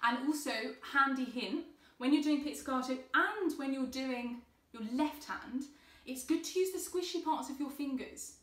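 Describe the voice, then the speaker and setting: A woman's voice: high voice, moderate pace, fairly bright tone. A woman teaching beginners cello in an online tutorial, giving patient, encouraging step-by-step instructions. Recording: roomy sound from a distant mic with cello.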